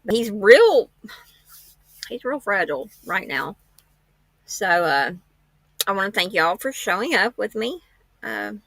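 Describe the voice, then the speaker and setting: A woman chats with her livestream audience from home, frank and homespun. Her voice is bright and forceful, with gravelly fry at the ends of phrases. The sound is close and dry. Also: medium pitch, dry recording. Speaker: true-crime livestream host. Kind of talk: casual livestream chat.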